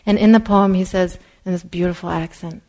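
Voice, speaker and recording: A woman meditation teacher giving a dharma talk in a soft, unhurried way, sometimes dropping to a whisper. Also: fairly low pitch, fairly even intonation, poor audio. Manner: soft-spoken, drops to a whisper at times.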